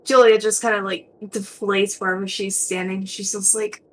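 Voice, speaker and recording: A woman's voice: medium pitch, flat delivery, normal speed, hardly any pauses. A woman playing a tabletop game, describing her character with wry, casual asides. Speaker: player.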